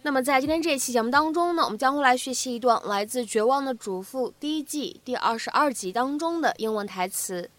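A woman English teacher giving a spoken English lesson, cheerful and clear, repeating phrases as she explains them. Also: sits high, animated, quick pace, few pauses, a bit bright, no room sound.

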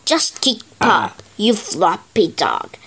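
Woman doing gruff, bossy husky dogs. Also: mid-range voice, wildly swooping pitch, slow, fairly bright tone, pitched below the performer's own voice, full character voice. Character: pack of gruff sled-pulling husky dogs.

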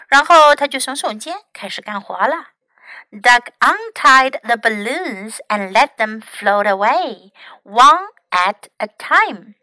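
A woman English teacher reads a children's story aloud, slow and gentle. Her voice is high and bright. The recording is close and dry. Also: no echo, poor audio. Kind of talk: bilingual storybook reading for children.

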